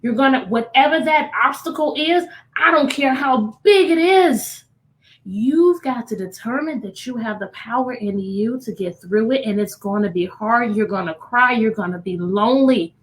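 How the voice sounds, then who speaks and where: A woman's voice: on the high side, normal speed, a bit bright. A woman guest speaking earnestly and emphatically, in short declarations. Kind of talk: earnest testimony on a video call.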